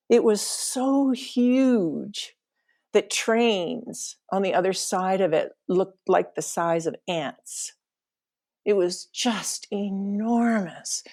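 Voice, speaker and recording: A woman's voice: mid-range voice, expressive, very slow, darkish tone. A middle-aged woman telling a personal travel story, emotional and laughing now and then as she recalls it. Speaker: podcast storyteller.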